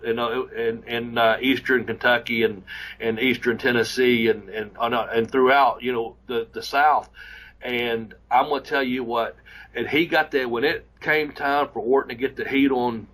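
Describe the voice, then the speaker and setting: A man's voice: medium pitch, fairly bright tone, low-quality recording. Profane, rambling male storyteller. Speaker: podcast host and former wrestler. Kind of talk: casual storytelling chat.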